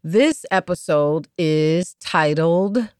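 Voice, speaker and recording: A woman hosting an inspirational podcast, speaking slowly and repeating words for emphasis. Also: low-pitched, darkish tone, clear, resonant tone, no room sound, clean studio sound. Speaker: podcast host.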